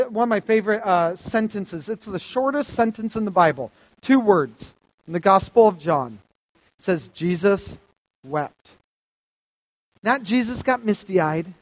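A man's voice: sits high, in a large hall. A man preaching a sermon to a live audience, conversational and asking them questions. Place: hall with stage lights.

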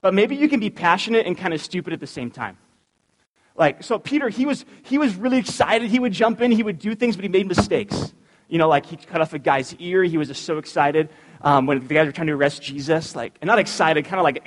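A man with a notably high voice delivers a relaxed, joke-filled sermon with lots of energy. He sounds like a youth pastor speaking to his congregation. His voice rings out with the long, lingering reverb of a church hall. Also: a little fast. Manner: energetic and animated, cracks jokes. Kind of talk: casual, joking sermon. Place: church sanctuary.

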